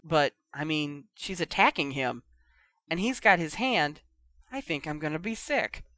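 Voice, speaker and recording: A man's voice: a little high, expressive, measured pace, pushed and bright. A man voicing a teasing young brother. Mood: disgusted. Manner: teasing, chortling.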